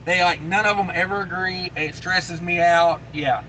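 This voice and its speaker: Trucker host, male, easygoing livestream chatter, somewhat high and forceful tone, faint vehicle hum behind. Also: fairly even intonation, normal speed, rough recording. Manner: laid-back and rambling, with many fillers and repeated phrases. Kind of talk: casual live chat, reading viewer comments aloud.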